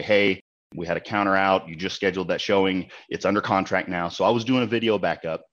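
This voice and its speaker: A man rattles through a story about a confrontation, quick and animated, acting out both sides of the exchange. His voice sits a little low. The recording sounds dull and lo-fi. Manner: animated, heated retelling with quoted exchanges. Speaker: realtor, local board president. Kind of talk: casual storytelling.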